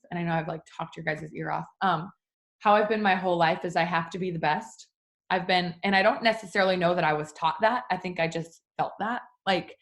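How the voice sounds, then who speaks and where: A young woman leading a team, talking casually and openly to her listeners, often saying "like" and restarting sentences, and jumping high in pitch when she acts out her own thoughts. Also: fairly bright tone. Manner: frequent likes and restarts, addresses listeners as you guys. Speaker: team leader.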